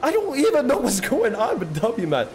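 A man streaming a video game live, chatting casually and excitedly with his viewers in slang and thanking them constantly. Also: very high-pitched, moderate pace, a little hiss or hum. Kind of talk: casual live-stream chat while gaming.

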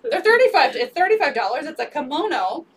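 High-voiced woman pitching resale clothes. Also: very animated, brisk, distant mic. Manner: upbeat, repeats prices and numbers. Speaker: resale live-stream seller. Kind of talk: live sales pitch.

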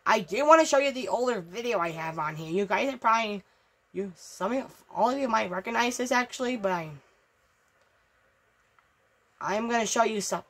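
A woman's voice: on the high side, quick pace. A woman hosting a gaming channel, talking casually over gameplay, stammering and repeating herself, swearing and easily riled. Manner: stammering, repetitive, profane, excitable.

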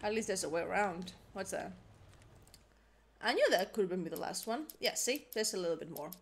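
A woman's voice: medium pitch, animated, normal speed, slightly rough. A young woman commenting casually while playing a game, jumpy and chatty, mocking herself. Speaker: gaming streamer. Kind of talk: casual let's-play commentary.

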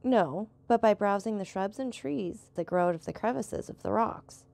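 A woman voicing a calm, seasoned male boat captain who patiently explains things. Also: medium pitch, moderate pace, creaky, natural voice.

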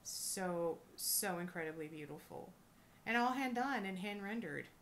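A woman reselling jewelry, chatting casually and gushing with excitement as she unboxes a thrift lot. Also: fairly low pitch, measured pace, a little hiss or hum. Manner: gushing, excitable, lots of oohs and little laughs.

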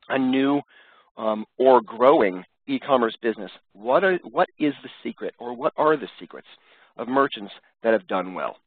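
Male webcast host, head cold, mid pitch, dry phone-line sound. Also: breathy edge, dry recording. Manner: upbeat, with many fillers. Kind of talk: presenting a business webcast.

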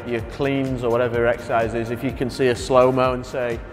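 Coach, steady mid-pitched voice. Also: male voice, fairly quick. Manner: constant affirming "yeah", explanatory. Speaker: strength and conditioning coach. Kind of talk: coaching interview chat. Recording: reverberant space with faint music.

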